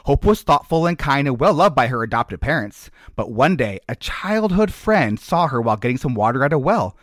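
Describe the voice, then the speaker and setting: A man's voice: mid-range voice, sing-song, normal speed, dry recording, clean studio sound. A man co-hosting a podcast, telling made-up game lore in a mock-dramatic way and laughing at his own jokes. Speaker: podcast co-host. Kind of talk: comedic lore storytelling.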